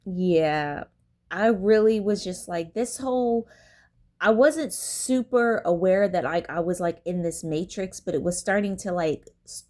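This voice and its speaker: A woman's voice: on the low side, a little slow. Chatty woman telling a story. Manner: animated, frequent laughs, swears freely, acts out quoted people; many fillers like "like". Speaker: vlogger. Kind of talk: casual storytelling vlog.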